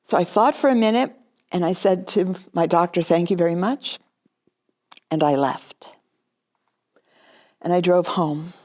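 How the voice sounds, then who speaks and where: A woman pastor sharing a personal story as a short devotional reflection, earnest and quietly emotional. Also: fairly low pitch, measured pace, pauses often.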